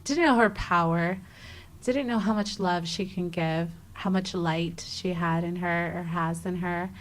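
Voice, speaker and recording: A woman in her thirties, a guest on an interview show, telling a personal story with lively energy and acting out the dialogue. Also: on the low side, unhurried, low-quality recording. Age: 30s. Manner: animated, acts out quoted dialogue with many "like"s. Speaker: guest, travel writer.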